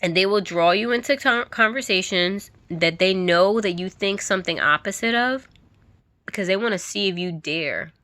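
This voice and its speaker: A woman's voice: mid-range voice, normal speed, pushed and bright, dry recording. A woman vlogger giving an emphatic, candid monologue to camera. She often repeats herself and laughs now and then.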